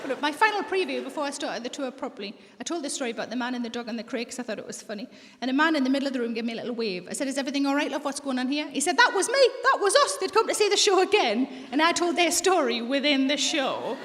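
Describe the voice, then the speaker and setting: High-voiced woman comic in a big hall. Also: rapid-fire, slight background noise. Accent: North East English. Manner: bawdy deadpan storytelling, acts out quoted voices. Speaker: stand-up comedian. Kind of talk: stand-up comedy set. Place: large theatre with live audience. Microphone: stage microphone. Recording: reverberant hall, loud audience laughter.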